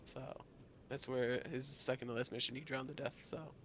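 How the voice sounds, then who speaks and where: A man's voice: medium pitch, fairly even intonation, moderate pace, fairly bright tone, slight background noise. An American man telling rambling, profane stories in casual chat on a gaming stream. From United States. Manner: rambling storyteller, loose and profane.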